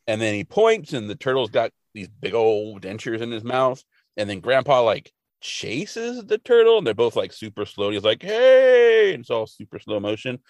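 A man's voice: on the low side, moderate pace, no echo. A man co-hosting a podcast, retelling an episode casually and acting out the quotes. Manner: animated storytelling, acting out quotes. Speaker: podcast co-host.

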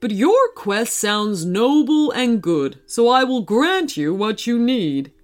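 A woman voicing a proud, powerful winged white horse, speaking forcefully and stately in a storybook. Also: on the high side, big pitch swings, takes it slowly.

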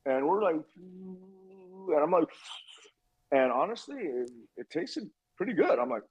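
A man in his fifties, a guest telling his own story in a casual interview, animated and swearing freely as he acts out what people said. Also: high voice, a little slow, slightly rough, highs cut off.

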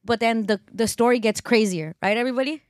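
Chatty Los Angeles woman, higher voice. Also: quick pace, no echo. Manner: animated storyteller, quotes others, many fillers. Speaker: podcast co-host. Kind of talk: casual storytelling chat.

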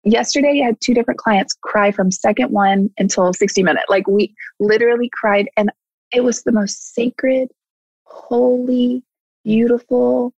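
A woman's voice: on the high side, fairly even intonation, moderate pace, a little mellow, no room sound, lo-fi sound. A woman therapist speaking earnestly and emphatically in casual conversation, repeating heartfelt words. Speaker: therapist guest.

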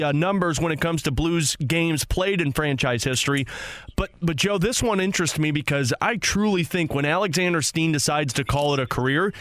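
A man hosts a sports radio show in a fairly high voice, recorded dry and close in the studio. He moves briskly through stats and segment intros. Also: a bit bright, no room sound. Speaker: radio host.

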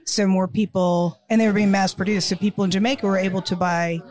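A woman's voice: mid-range voice, steady tone, quick pace, darkish tone. A woman co-hosting a casual podcast, explaining music history at length in a knowledgeable way, with frequent fillers. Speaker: podcast co-host.

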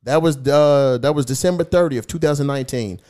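A man's voice: a little high, a little fast. A man hosting a casual podcast, telling a profane story, reading old text messages aloud and mocking the sender. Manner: animated, mocking. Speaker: podcast host.

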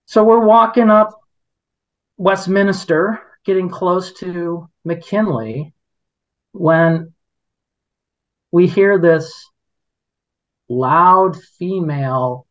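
On dull, lo-fi podcast audio, a middle-aged guest with a somewhat high, fairly bright voice recounts a story slowly, pausing often. His casual telling is rambling and indignant, full of restarts.

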